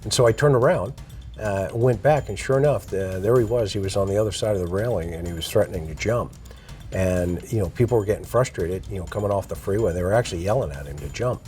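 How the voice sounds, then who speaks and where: A middle-aged man with a lowish voice tells a story as a guest in an interview. He talks in a loose, unhurried way and often fills pauses with "you know" and "uh". Soft music plays faintly under his voice. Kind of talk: casual spoken anecdote.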